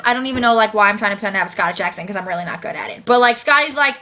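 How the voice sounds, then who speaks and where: Bright, chatty woman vlogger. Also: a little high, expressive, very fast, few pauses. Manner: chatty, slangy, heavy use of "like", swears. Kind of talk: casual movie recap.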